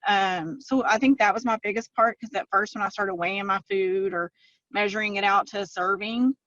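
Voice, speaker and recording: Woman guest, chatty storyteller, dry lo-fi sound, mid pitch. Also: normal speed, fairly bright tone, no room sound. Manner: chatty, storytelling with quoted asides. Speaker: podcast guest, fitness client. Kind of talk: casual interview chat.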